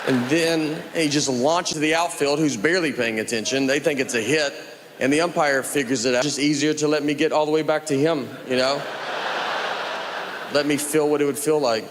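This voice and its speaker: A man from Tennessee with a Southern accent, doing a slow, deadpan stand-up routine. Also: a little high, slight background noise. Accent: Southern American. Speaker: stand-up comedian. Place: comedy club stage with laughing audience.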